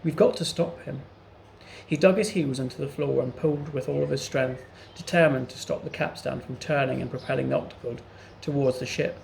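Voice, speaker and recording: Male reader, children's book, gravelly, faint hiss underneath. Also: medium pitch, steady tone, a little fast, few pauses, a little mellow, rough recording. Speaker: storyteller. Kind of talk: children's book read-aloud.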